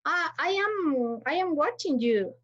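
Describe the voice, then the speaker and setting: A woman's voice: high voice, expressive, fairly bright tone. Ecuadorian lady teacher, spanish is her first language, repeats herself a lot calling on students, dull muffled call audio. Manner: slow, patient, repeats names and cues. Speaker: English teacher. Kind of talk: online class, calling on students. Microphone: computer mic on a video call.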